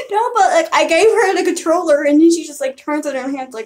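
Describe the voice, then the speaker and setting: Young woman, live streamer, very high voice, lively swooping pitch, excitable, giggly. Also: extremely slow, long pauses. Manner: excitable, giggly, bursts into shouting. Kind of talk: casual chat.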